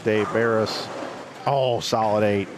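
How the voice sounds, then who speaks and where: A man's voice: fairly low pitch, steady tone, slow pace, noisy background. A man commentating a live bowling stream, rambling through chatty stories between play calls.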